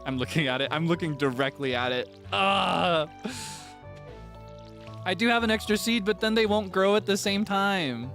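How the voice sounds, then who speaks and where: A chatty young man streams a farming game in a fairly high voice, laughing often and launching into dramatic, frustrated rants. Soft game music plays faintly behind him. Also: normal speed. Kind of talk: casual gameplay chat.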